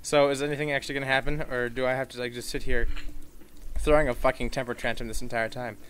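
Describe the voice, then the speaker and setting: A man giving gameplay commentary, swearing freely and swinging into mock-outraged rants and sudden shouts. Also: medium pitch, fairly even intonation, fast, a little hiss or hum.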